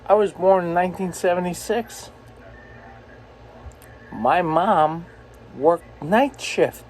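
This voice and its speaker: A man's voice: high voice, takes it slowly, darkish tone, a little hiss or hum, poor audio. A man in his forties, a truck driver, ranting in a profane, angry, rambling way while filming himself on a phone in his truck cab. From United States. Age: 40s. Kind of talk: ranting self-filmed vlog.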